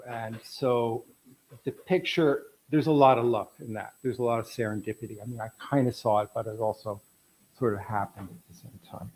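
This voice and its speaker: A man's voice: medium pitch, fairly even intonation, moderate pace, a little mellow, slight background noise, rough recording. A middle-aged man presenting his photographs at an artist talk, telling anecdotes in a rambling way with frequent restarts.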